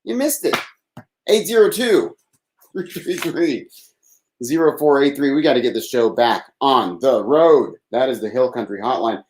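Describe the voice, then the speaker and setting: A man's voice: medium pitch, expressive, a little slow, a little mellow, slight background noise. A man hosting a live call-in show alone at his desk, rambling and self-deprecating, sighing and swearing, with a thin, slightly whiny voice. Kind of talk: rambling solo live-stream chat. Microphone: desk microphone without processing.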